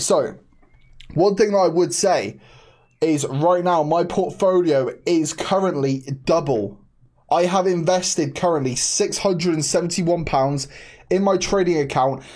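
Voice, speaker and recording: Young male streamer, slightly high voice, excitable chatty delivery with frequent laughs. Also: measured pace. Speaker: livestream host. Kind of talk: casual livestream chat.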